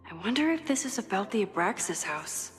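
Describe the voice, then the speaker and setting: A woman's voice: medium pitch, sing-song, fairly quick, close to an everyday voice. A woman voicing a reflective young woman in a game. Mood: wry. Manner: soft, introspective inner monologue. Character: thoughtful young woman, shaken and wondering. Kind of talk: game character narration. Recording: game audio with long reverb and faint music.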